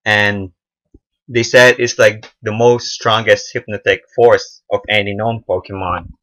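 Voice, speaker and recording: A young man giving casual, unscripted commentary on a game trailer, halting often with fillers and restarts. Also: fairly low pitch, little pitch movement, a bit bright. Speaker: gaming video reviewer.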